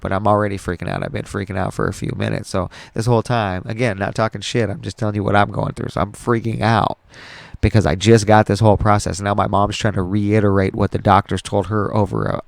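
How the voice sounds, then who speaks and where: A man's voice: lowish voice, creaky, no room sound. A man hosting a podcast, telling a personal story in a rambling, profane, casual way with frequent restarts. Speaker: podcast host.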